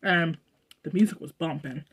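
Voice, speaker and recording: Chatty American woman, low voice. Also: normal speed, breathy edge. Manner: chatty, rambling, fillers and asides to viewers. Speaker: vlogger. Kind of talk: casual haul vlog. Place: indoors at home.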